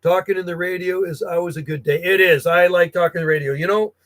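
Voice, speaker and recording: Man, radio hobbyist, higher voice, easygoing rambling on-air chat. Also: fairly even intonation, fast, a bit bright, rough recording. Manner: rambling and friendly, chatting to callers while logging contacts. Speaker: ham radio operator.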